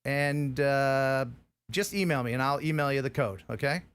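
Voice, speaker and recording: A man's voice: medium pitch, moderate pace, a bit bright, clean tone. A man hosting a casual live stream, talking in a playful, hesitant way with lots of restarts. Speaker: host.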